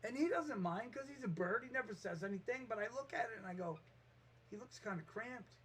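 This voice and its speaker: A man with a fairly high voice talks off the cuff in a vlog. He rambles, trips over his starts and throws himself into acting out every back-and-forth. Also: fast, slight background noise. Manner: rambling, animated, restarts and acts out quotes. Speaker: vlogger. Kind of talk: casual storytelling monologue.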